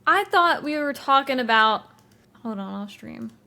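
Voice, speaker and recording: A woman's voice: sits high, animated, measured pace, creaky, bright, forceful tone, a little hiss or hum. A young woman, co-hosting a podcast in casual chat. She agrees readily, laughs easily and keeps her replies short. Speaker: podcast co-host.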